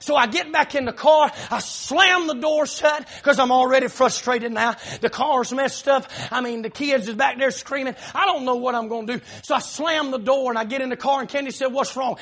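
A middle-aged Southern preacher with a very high, gravelly voice that rings bright and sharp. He tells his story at full volume, drops in a steady "uh" between phrases, and drives his points home with shouts. The edge of his voice is rough and a little husky. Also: normal speed, few pauses. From South Carolina. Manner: loud, storytelling preaching with frequent "uh" and shouted peaks. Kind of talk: sermon. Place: church.

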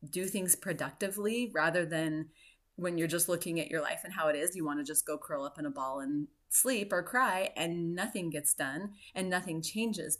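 A woman in her forties, a podcast host, telling a personal story in an earnest, reflective way with soft laughs. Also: lowish voice. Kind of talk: personal story and motivational talk.

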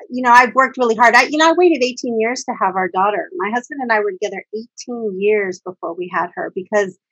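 Husky-voiced earnest woman. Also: fairly high pitch, fairly bright tone, lo-fi sound. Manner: earnest, emphatic, swears for emphasis. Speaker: guest speaker with early education and trauma background. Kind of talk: candid conversational podcast talk.

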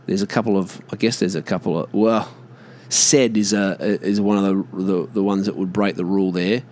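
A man's voice: low voice, fairly even intonation, moderate pace, darkish tone. A man ranting casually to camera, exasperated and swearing, spelling words out letter by letter.

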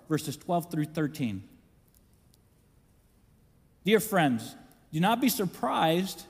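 A man preaching a sermon in an animated way, acting out the voices he quotes. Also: sits high, big-room sound. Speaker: pastor.

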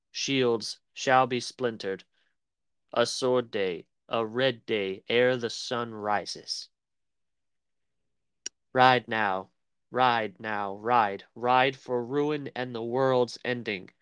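A man's voice: mid-range voice, extremely slow, fairly bright tone, clear, resonant tone, no room sound. A man reciting as a solemn warrior king. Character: aging warrior king rallying his riders.

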